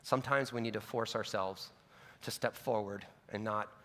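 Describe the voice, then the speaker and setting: A man's voice: fairly low pitch, fairly even intonation, moderate pace, fairly bright tone. A man preaching a sermon in an earnest, personal storytelling way, with casual asides and self-corrections. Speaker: pastor. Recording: long reverb of a large hall.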